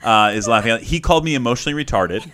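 A man hosting a podcast, telling a personal story in an animated, emphatic way and laughing easily. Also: mid-range voice, quick pace, noisy background. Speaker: podcast host. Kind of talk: casual storytelling chat.

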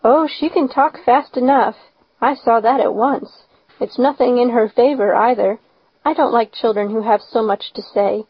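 A woman voicing a stern, strict older spinster who speaks in a sharp, scolding way. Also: fairly high pitch, normal speed, breathy edge, no room sound. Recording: slightly dull lo-fi recording.

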